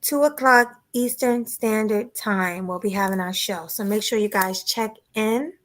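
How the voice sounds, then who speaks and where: A woman hosting a casual live-stream chat, relaxed and chatty, thanking her viewers. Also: medium pitch, measured pace. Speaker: host.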